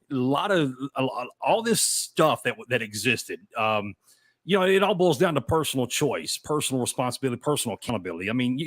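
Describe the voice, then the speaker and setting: Halting man on a talk show panel. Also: mid-range voice, fairly bright tone, no room sound. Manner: halting, repeats himself. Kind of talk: casual talk show chat.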